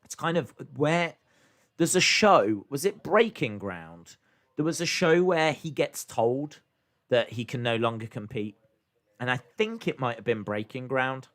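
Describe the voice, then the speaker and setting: Young man, mid-pitched, rambling live reactor who thinks aloud with lots of fillers. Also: lively intonation, unhurried, a bit bright. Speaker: live stream host reacting to wrestling. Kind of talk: casual live reaction commentary.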